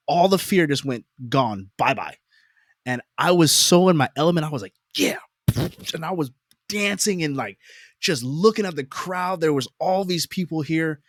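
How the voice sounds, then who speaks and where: Animated storytelling man, dry close sound. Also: a little high, no echo. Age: adult parent. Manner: animated, emphatic repetition; self-deprecating humor. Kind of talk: casual conversational storytelling.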